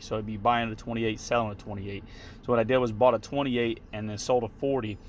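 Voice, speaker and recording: A man talks through a screen-share tutorial in a loose, casual way, often pausing to check the listener is following. His voice sits at an ordinary middle pitch, with a faint hum in the background. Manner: casual, checks in with "right?" tags. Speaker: retail options trader walking viewers through trades.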